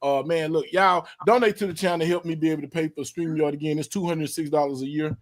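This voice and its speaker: Male show host, fairly high voice, casual and profane, quick to loud outbursts. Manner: animated, profane storytelling, rising to loud outbursts. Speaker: podcast host. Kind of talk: casual chat.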